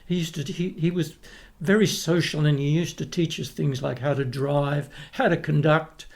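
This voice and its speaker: Older man, Australian accent, gravelly, slightly high voice, rambling storyteller, interview guest. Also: steady tone, moderate pace, a little mellow. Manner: rambling anecdotes with restarts, acts out quoted voices. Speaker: guest, retired opera tenor.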